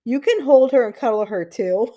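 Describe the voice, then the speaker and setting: On lo-fi audio, a woman in her thirties with a voice on the high side speaks at normal speed. Hosting a live stream, she chats casually and tells animated, heavily profane stories.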